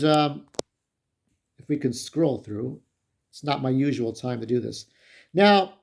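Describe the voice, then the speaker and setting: A man giving a casual, rambling spoken movie review, often restarting his sentences and jumping up when excited. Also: fairly high pitch. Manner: rambling, with frequent restarts and fillers.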